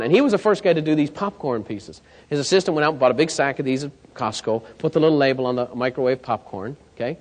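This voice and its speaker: A man's voice: fairly high pitch, a little fast. Guy doing a sales coaching seminar, storytelling, keeps asking the crowd if it makes sense, big hall echo. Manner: lively storyteller, checks in with the audience. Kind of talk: live seminar talk. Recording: long hall reverb.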